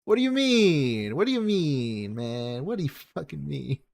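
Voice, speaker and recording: A man's voice: a little high, big pitch swings, measured pace, vocal fry. Ranting, foul-mouthed male reaction streamer. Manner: angry, swearing, mocking rants. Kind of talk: profane reaction commentary.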